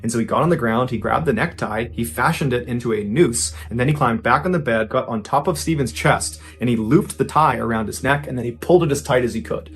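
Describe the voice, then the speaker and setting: A man's voice: mid-range voice, fast, hardly any pauses. A man narrating a true crime story in a conversational way with dramatic pacing, as a podcast storyteller.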